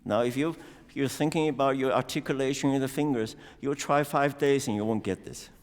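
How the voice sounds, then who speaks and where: A man's voice: mid-range voice, a little fast. A man teaching a piano master class, coaching a student and singing rhythms aloud to explain patiently. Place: concert hall. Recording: distant hall reverb.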